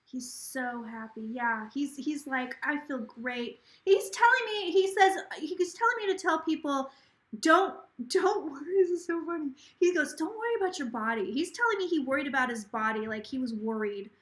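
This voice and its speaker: A woman's voice: high-pitched, expressive, normal speed, hardly any pauses, a bit bright, roomy sound. A woman hosting a casual live stream from home, chatty and gushing, relaying a spirit's words in quotes. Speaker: psychic livestream host. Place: home, near a kitchen.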